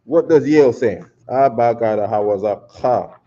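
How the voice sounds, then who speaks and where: With a medium-pitched, mellow voice at a moderate pace, a man with a New York accent delivers a classroom lecture. He talks loosely and conversationally, repeats himself, and keeps checking in with "right?" The recording sounds dull and lo-fi, in an echoey room.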